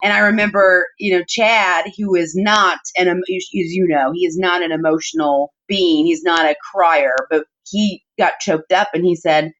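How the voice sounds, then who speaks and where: A woman with a fairly low voice shares family stories as a podcast guest, heartfelt and chatty, her sentences full of "like" and "you know". The audio is dull and muffled. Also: fairly even intonation, normal speed, hardly any pauses, a bit bright. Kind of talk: personal storytelling in conversation.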